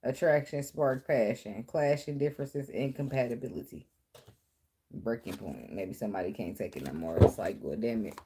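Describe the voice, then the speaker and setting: A woman's voice: a bass voice, normal speed, heavy background noise. Blunt, profane woman tarot reader. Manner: blunt, profane, chatty asides. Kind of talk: casual tarot reading.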